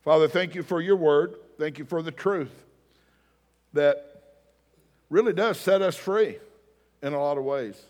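Speaking from a church sanctuary, a pastor delivers a sermon in a somewhat high, darkish voice at a measured pace, pausing often. His storytelling is conversational and self-deprecating, and the hall adds a long reverb.

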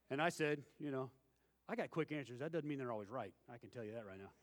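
A man with a mid-range voice, lively intonation and a brisk pace preaches by way of folksy tales, acting out each speaker's words. The recording has a long reverb typical of a large hall.

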